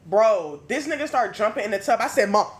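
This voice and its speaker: Animated, swearing woman podcast host. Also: mid-range voice, brisk. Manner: animated, profane storytelling. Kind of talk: casual podcast chat.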